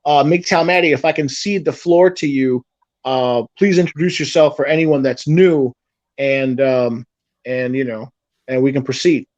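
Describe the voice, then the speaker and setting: A man hosting a casual video-call interview, speaking haltingly and often restarting his sentences. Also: medium pitch, steady tone, darkish tone, dry recording. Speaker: host. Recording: dull lo-fi call audio.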